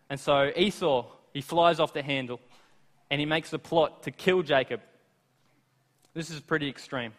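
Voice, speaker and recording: Male preacher, slightly high-pitched, chatty retelling of scripture, recorded with long hall echo. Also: normal speed. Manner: lively retelling of scripture with asides to the listeners. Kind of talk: sermon. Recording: long reverb of a large hall.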